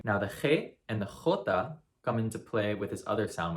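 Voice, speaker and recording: A young man giving a casual, friendly spoken lesson, encouraging and modeling sounds slowly. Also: low voice. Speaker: language teacher.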